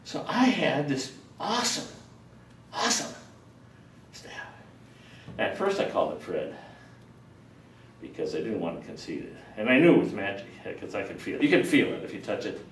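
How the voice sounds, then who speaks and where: Animated older man telling a tale. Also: on the low side, brisk, a little hiss or hum. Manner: rambling, animated, acts out quoted voices. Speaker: storyteller. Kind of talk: personal storytelling. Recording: roomy, distant mic.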